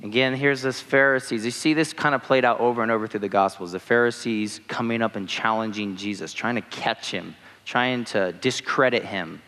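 A young male preacher talks through a relaxed, conversational sermon, often leaning on filler words. His voice is mid-pitched, and a long reverb trails after each phrase in a large church hall. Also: moderate pace, few pauses. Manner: conversational, uses many fillers like "like" and "you know". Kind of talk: casual sermon.

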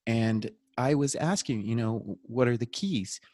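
On a podcast, a male documentary filmmaker shares stories in a relaxed interview, his medium-pitched voice unhurried. Laughing and joking, he brings quotes to life with animated delivery. There's no room sound, just studio-quality audio.

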